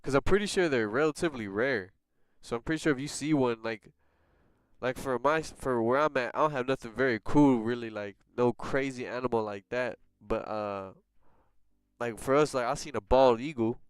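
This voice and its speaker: A man's voice: mid-range voice, moderate pace, smooth, dry recording. A young man hosting a casual livestream, chatting with viewers in a laid-back, slangy way and laughing often. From United States. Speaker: livestream host reading chat.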